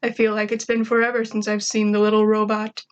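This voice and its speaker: A woman's voice: medium pitch, monotone, a little fast, clean tone, highs cut off. A woman reading a first-person story aloud in a snarky, conversational way. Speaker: fan fiction reader.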